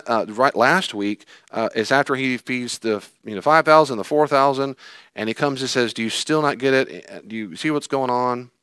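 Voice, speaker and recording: A man preaching a sermon, animated, acting out quoted figures with sighs and sudden swings up and down. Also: medium pitch, clean tone, no room sound. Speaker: pastor. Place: church hall.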